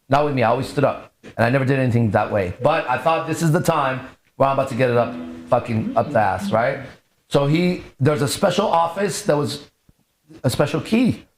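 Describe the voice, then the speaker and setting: A man coaching a class, telling a long story in casual, profane speech and acting out the people he quotes. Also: medium pitch. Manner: profane, animated, acts out quoted dialogue. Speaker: dating coach leading a class. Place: room with a small group present.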